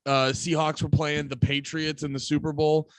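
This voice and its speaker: A man co-hosting a casual podcast, animated, laughing and swearing often. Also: on the high side, moderate pace, dry recording. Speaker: podcast co-host.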